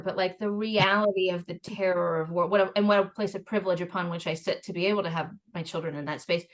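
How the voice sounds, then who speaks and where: A woman who is a parent and a podcast guest, talking in a casual, animated way that wanders into tangents and acts out quotes. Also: on the low side, fast, hardly any pauses. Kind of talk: casual conversational interview.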